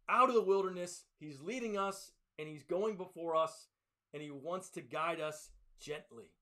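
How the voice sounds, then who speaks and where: A man preaching a sermon to his church, swinging from loud, urgent passages to hushed, tender ones. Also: high-pitched. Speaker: pastor.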